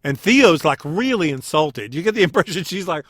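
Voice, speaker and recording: A man co-hosting a podcast, chatting casually as he recaps scenes and acts out quick quoted lines. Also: a little high, sing-song, a bit bright, dry recording, studio quality. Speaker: podcast co-host.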